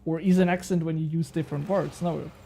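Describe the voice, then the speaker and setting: A man's voice: fairly high pitch, steady tone, brisk, vocal fry, dark tone, slight background noise. A young man streaming a game, chatting casually and bantering with his chat, swearing now and then.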